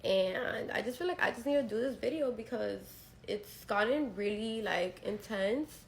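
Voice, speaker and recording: A woman's voice: on the high side, moderate pace, gravelly, slight background noise, poor audio. A woman with a sick voice, talking casually to her viewers as she starts a storytime. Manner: chatty, addresses viewers directly.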